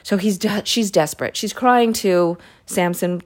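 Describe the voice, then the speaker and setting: A woman's voice: medium pitch, normal speed, darkish tone. A woman casually retelling Bible stories in a chatty way, with self-corrections and side remarks. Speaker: Bible reading podcaster.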